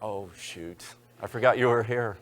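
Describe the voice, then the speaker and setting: A man's voice: lowish voice, normal speed. A man giving a public university lecture, breaking off for joking asides to the audience in the hall.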